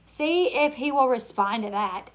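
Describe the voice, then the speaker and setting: A woman's voice: fairly high pitch, expressive, a little slow, a little hiss or hum. A tired woman from Northern Louisiana with a country accent, hosting a casual live-stream Q&A, chatting and reading viewer comments aloud. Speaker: YouTuber live-stream host.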